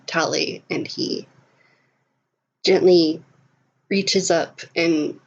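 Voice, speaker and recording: A woman running a tabletop role-playing game, narrating gently and descriptively. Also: on the low side, gravelly, slightly rough. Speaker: game master. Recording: lo-fi recording.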